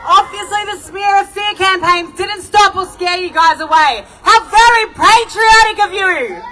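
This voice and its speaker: Animated woman giving a rally speech. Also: very high voice, measured pace, a crowd in the background, background noise. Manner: animated, casual, shouting lines for emphasis. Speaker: rally organiser and speaker. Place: outdoor park rally.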